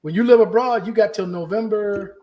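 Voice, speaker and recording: A man's voice: high voice, dark tone. A man hosting a casual podcast, talking bluntly and saltily. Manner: blunt, salty, fast-talking. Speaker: podcast host.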